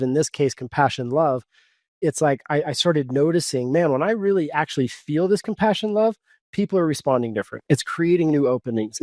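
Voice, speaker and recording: A man, a coach and podcast guest, tells a personal story in a casual, animated way, full of fillers and restarts. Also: medium pitch, dry recording.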